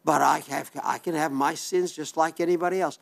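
An older man from South Dakota preaches in a plain, homely way, often breaking off and restarting his sentences. His voice is gravelly and sits slightly high for a man. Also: steady tone, a little fast. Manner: plainspoken, folksy, rambling with restarts. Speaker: radio preacher. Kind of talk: homely broadcast sermon reading listener letters.

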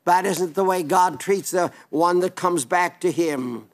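Older male preacher, high-pitched, earnest and pleading sermon delivery. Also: a little slow, hardly any pauses. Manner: earnest, pleading, repeats phrases.

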